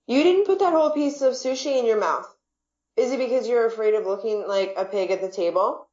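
A woman's voice: on the high side, fairly quick, a little mellow, muffled recording, close to an everyday voice. A woman voicing an awkward, blunt adult man who makes oddly formal remarks, read in an echoey room.

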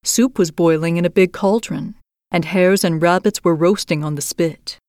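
A woman host narrating a fairy tale in a measured, expressive scripted reading. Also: on the low side, dry recording, clean studio sound. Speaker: storyteller host.

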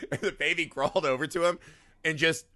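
Middle-aged man, podcast co-host, very bright sharp tone, dry close mic, casual and profane. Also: a little high, normal speed, dry recording. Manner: profane, animated storyteller acting out quotes. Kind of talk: casual movie discussion.

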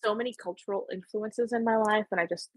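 A woman's voice: medium pitch, steady tone, quick pace, a crowd in the background, rough recording. A young woman with a Canadian accent from Ontario, hosting a podcast in casual chat, rambling with many fillers. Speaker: podcast host.

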